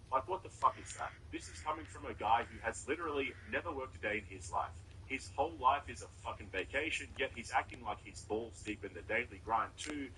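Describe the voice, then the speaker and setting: A man's voice: medium pitch, background noise. A man narrating a scripted commentary video in a sarcastic, mocking way.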